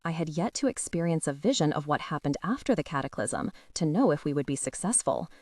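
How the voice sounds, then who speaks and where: A woman with a lowish voice narrates a first-person audiobook, her pitch rising and falling with feeling. The sound is close and very dry, with no room around it. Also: lively intonation, brisk, a little mellow, no echo.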